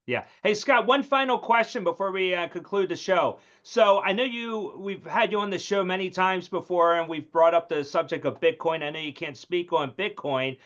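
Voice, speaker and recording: A man's voice: high voice, normal speed, hardly any pauses, a bit bright, highs cut off. A man co-hosting a finance talk show, easygoing as he asks questions and wraps up. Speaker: co-host.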